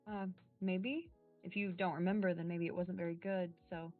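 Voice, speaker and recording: A woman's voice: lowish voice, steady tone, moderate pace, faint music behind. A woman playing a tabletop role-playing game, answering and acting boldly as her character. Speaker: player. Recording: tinny, dry phone-like sound.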